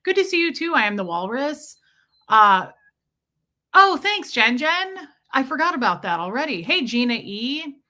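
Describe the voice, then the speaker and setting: A woman hosts a relaxed livestream and greets each viewer by name as the comments roll in. Her voice is bright and clear, and her talk is chatty and playful, full of small jokes. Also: on the high side, moderate pace. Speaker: livestream host greeting chat. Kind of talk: casual livestream chat.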